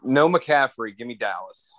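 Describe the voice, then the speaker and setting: A man's voice: mid-range voice, animated, unhurried, a bit bright, no room sound. Hesitant man thinking aloud about picks. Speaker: regular panelist. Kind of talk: casual sports chat.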